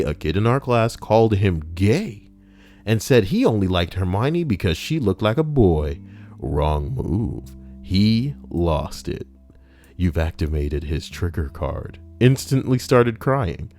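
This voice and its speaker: A man's voice: low-pitched, very animated, slow, a little mellow. A man hosting a countdown list, reading it in a casual way with sarcastic, jokey asides. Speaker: host. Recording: faint background music.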